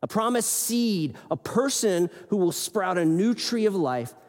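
A man with a fairly high voice gives a sermon to a church congregation. He tells the story in a chatty, animated way and keeps turning to talk straight to the kids. His voice rings out with the long reverb of a large church hall. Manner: conversational, animated storytelling with quick asides to kids. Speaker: pastor.

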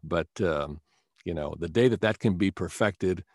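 A man's voice: low voice, no room sound, studio quality. A man who works as a voice actor, telling stories as a guest in a casual interview. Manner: storytelling, animated, with quick restarts.

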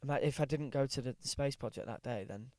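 Recorded with studio quality and no echo, a young guest actor on a podcast has a warm, mid-range voice and a fairly quick pace. His casual chat rambles along with lots of ums, restarts, easy laughter and the occasional swear.

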